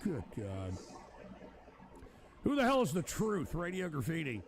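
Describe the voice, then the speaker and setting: A man's voice: fairly high pitch, huge pitch swings, unhurried. A man hosting a live stream, exasperated and profane, swearing constantly while drinking whisky. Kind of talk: casual livestream rant. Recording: loud background noise.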